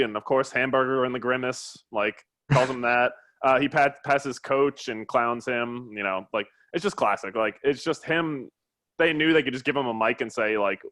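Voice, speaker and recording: Chatty man retelling a story. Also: mid-range voice. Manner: animated storyteller, quotes others with lots of "like". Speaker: podcast co-host. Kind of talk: casual chat.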